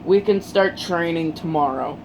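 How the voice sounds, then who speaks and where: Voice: medium pitch, normal speed, slight background noise, lightly acted, low-quality recording. Storyteller voicing an earnest teenage boy hero.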